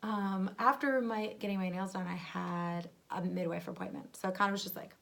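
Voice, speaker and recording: A young woman telling a personal story in conversation, speaking softly and haltingly with many fillers and restarts. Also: fairly low pitch, vocal fry. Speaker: bereaved mother sharing her story.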